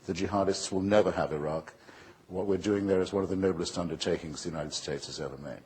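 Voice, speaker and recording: Lowish husky guy arguing sardonic at a debate, punchy rhetoric. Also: fast talker, a little mellow. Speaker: public speaker. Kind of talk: public debate talk.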